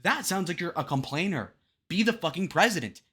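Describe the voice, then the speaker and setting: A young man reacting to debate footage in a profane, mocking rant, as if talking straight to his viewers. His voice is a touch high, swings widely in pitch and has a bright, sharp edge. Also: lively intonation, brisk, slightly rough. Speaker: political commentary host. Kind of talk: reaction commentary on debate clips.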